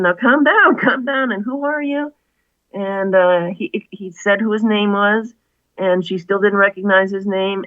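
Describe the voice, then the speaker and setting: A woman's voice: mid-range voice, dry recording, lo-fi sound. A woman, an author guest, earnestly retelling a story in an interview, with many asides.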